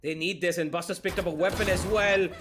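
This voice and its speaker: A man giving brisk, steady play-by-play commentary on a live esports match. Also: sits high, over music. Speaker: esports caster.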